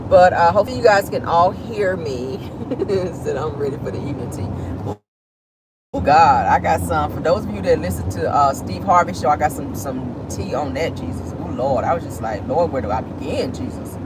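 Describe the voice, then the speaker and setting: A woman giving sassy, animated celebrity gossip commentary while driving in her car. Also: low voice, normal speed, noisy background. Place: in a car, driving near an airport.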